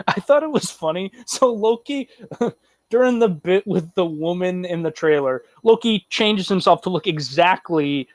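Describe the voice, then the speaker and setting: Male podcast co-host, casual and rambling, a touch high-pitched. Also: expressive, measured pace, no room sound. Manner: loose, profane, rambling with fillers. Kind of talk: casual chat.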